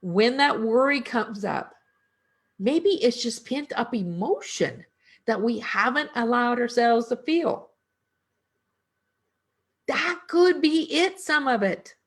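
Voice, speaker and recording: A woman's voice: a little high, expressive. A middle-aged woman energy worker talking casually and reflectively, asking her listeners questions. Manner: reflective, slow, conversational with rhetorical questions. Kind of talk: casual spiritual talk.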